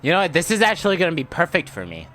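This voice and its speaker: A man's voice: fairly high pitch, huge pitch swings, racing, pushed and bright, slight background noise, low-quality recording. A young man narrating a tabletop game as game master, casual and teasing, often stumbling over words.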